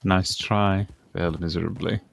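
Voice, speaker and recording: A man playing a medic in a roleplay game, talking in a gentle, soothing, caring way. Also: low voice, steady tone, normal speed, gravelly, a little hiss or hum. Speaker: roleplay medic and counselor-in-training. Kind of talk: calm in-character conversation.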